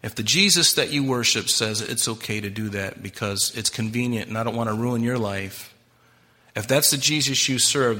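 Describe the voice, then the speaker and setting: A man's voice: mid-range voice, moderate pace, bright, forceful tone. A man preaching a sermon as pastor, emphatic and impassioned, talking straight to his congregation.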